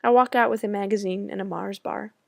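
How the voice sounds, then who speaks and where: Wry young American woman with a creaky voice. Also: medium pitch, fairly even intonation, brisk, a little mellow, no room sound, studio quality. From United States. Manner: wry, self-mocking storytelling. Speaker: student writer. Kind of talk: reading a personal essay aloud.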